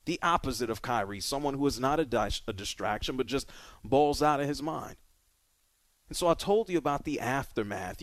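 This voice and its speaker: Emphatic higher-voiced sports radio host man. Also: dry recording. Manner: emphatic, opinionated, punchy repetition. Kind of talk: sports talk radio monologue.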